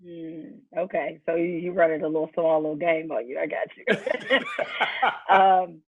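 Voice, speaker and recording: A woman's voice: deep voice, steady tone, moderate pace. A woman podcast host asking long, winding questions in a casual interview, laughing often. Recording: tinny phone-like, dry sound.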